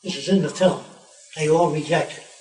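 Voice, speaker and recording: A man's voice: a little high, steady tone, a little fast, darkish tone, soft background music. A man telling a long story in a conversational way, with restarts and retold scenes. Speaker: tour guide and speaker. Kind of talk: rambling spoken storytelling. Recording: roomy, distant mic, faint background.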